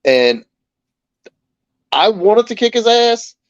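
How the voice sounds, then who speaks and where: A man in his forties chats as a talk show guest, telling a story and acting out each person's lines. His voice sits a little high. The sound is dry and slightly muffled. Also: slow pace, no echo. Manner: animated anecdote teller, acts out quoted voices. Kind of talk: casual storytelling.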